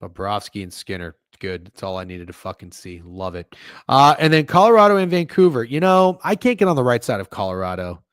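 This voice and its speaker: A man hosting a sports betting stream, talking casually and swearing a lot, swinging between low mumbling and loud outbursts. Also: sing-song, a little fast, clean tone, dry recording, studio quality. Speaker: sports betting podcast host. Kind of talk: casual livestream rant.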